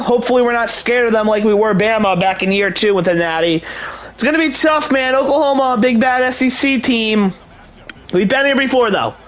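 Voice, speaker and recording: A young man with a strikingly high voice narrates his football video game run. He calls each play with the energy of a sportscaster and keeps hyping up the action for his viewers. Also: fairly bright tone, low-quality recording. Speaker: video game channel host. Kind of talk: hyped gameplay commentary.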